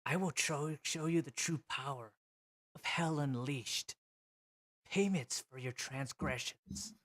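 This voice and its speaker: A man voicing a sinister demonic figure with a dark, guttural voice. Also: on the high side, takes it slowly. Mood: menacing. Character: sinister male demonic voice, menacing.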